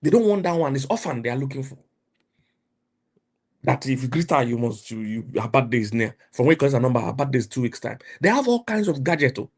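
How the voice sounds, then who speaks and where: A middle-aged Nigerian man with a Nigerian accent, preaching and mentoring emphatically, repeating himself and rising to loud outbursts. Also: mid-range voice, husky. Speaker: pastor and mentor. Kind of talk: motivational preaching.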